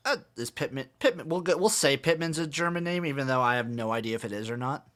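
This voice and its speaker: A man's voice: medium pitch, fast talker, fairly bright tone. A man co-hosting a podcast in loose casual chat, joking and asking his partner questions. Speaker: podcast co-host.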